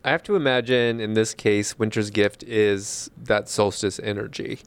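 A man's voice: lowish voice, fairly even intonation, normal speed, clear, resonant tone. A man co-hosting a casual chat, with wry, dry humor. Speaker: podcast co-host.

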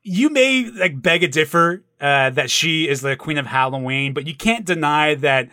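Bright-voiced man who laughs easily. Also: on the high side, lively intonation, moderate pace, dry recording, studio quality. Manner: easygoing, laughs often, steers the topic. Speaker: podcast co-host. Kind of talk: casual podcast banter.

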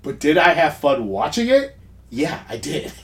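A man co-hosts a relaxed podcast, talking in a rambling, self-interrupting way and laughing often. His voice sits a bit high and swoops widely up and down. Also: normal speed. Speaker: podcast co-host. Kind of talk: casual chat.

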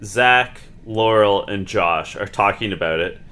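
A man's voice: on the low side, a little slow, bright, forceful tone, clear, resonant tone. A man co-hosting a podcast who rambles through his thoughts on a reality show in casual chat, filling his talk with "like". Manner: rambling, heavy use of "like". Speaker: podcast co-host.

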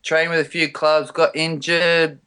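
A man's voice: on the high side, little pitch movement, measured pace, pushed and bright, clean tone. An Australian man chatting easily as an interview guest over a Skype call, laid-back and casual. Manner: easygoing, laid-back, says mate. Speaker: guest, adventure athlete. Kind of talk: casual chat.

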